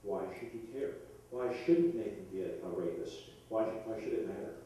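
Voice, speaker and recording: A man's voice: lowish voice, lively intonation, fairly quick, dark tone, slight background noise. A man in a live debate probing with repeated challenging questions. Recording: echoey room, far from the mic.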